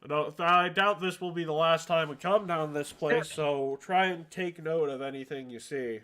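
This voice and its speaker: A man's voice: on the high side, normal speed, sharp tone. A man narrating as game master of a tabletop game, casual and often restarting his sentences.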